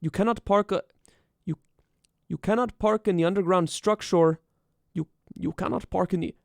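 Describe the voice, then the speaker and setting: A gruff, stern figure who barks rules in a vague, made-up foreign accent, as a man puts him on. His delivery is low, flat and clipped. The sound is dry and close, with no room tone. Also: brisk, no room sound, exaggerated voice.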